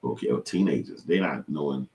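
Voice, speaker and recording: Deep-voiced man giving casual commentary. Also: brisk, far from the mic. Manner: animated, slips into loud high impressions. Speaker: commentator reacting to clips.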